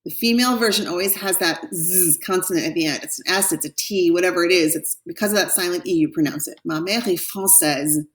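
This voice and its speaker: A woman French teacher giving a recorded class lesson, slowly modelling pronunciations for her students. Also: lowish voice, recorded from a distance. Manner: slow, careful model pronunciations. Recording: echoey room, voice a bit off-mic.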